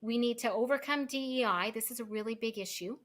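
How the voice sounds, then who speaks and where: A woman speaks as a guest lawyer in a relaxed interview. Her voice sits a little high and sounds bright and forceful. She talks with emphatic energy and lots of fillers. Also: fairly quick. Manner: animated, emphatic, many fillers. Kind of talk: casual interview chat.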